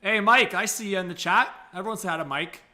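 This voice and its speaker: A young man hosting a live hockey reaction stream, chatty and excitable, thanking viewers and coaxing his dog. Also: sits high, fast. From Canada. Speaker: livestream host.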